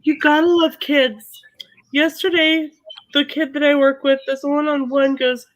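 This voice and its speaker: High-voiced congested woman telling wry stories. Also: level tone, measured pace, dry recording, low-quality recording. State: congested from a cold. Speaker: teacher working one-on-one with a child. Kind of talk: casual chat on a live video call.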